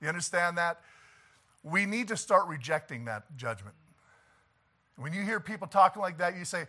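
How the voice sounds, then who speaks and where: A man preaching a sermon, swinging from quiet pleading to shouted declarations and chuckling between points. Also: fairly high pitch, animated, brisk. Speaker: pastor.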